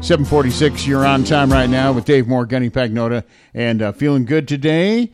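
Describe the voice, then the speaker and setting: A man hosting a country morning radio show, talking casually with plenty of filler uhs. He chuckles as he goes and has an ordinary, mid-pitched voice. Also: moderate pace, music in the background.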